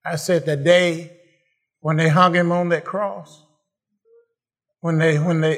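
Fervent preacher man, higher voice. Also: little pitch movement, takes it slowly, pauses often. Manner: repeats phrases, builds to shouted exclamations. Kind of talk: sermon.

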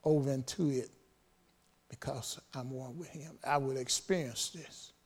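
A man's voice: mid-range voice, measured pace, a little mellow, breathy edge. A man preaching a sermon with fervent call-and-response delivery and bursts of praise.

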